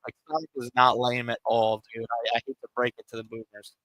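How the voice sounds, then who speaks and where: A man's voice: medium pitch, little pitch movement, a little fast, a bit bright, no echo, rough recording. A man streaming a game and chatting casually, rambling and swearing in a laid-back way on a cheap home mic. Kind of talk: casual stream chat while gaming. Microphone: cheap home microphone.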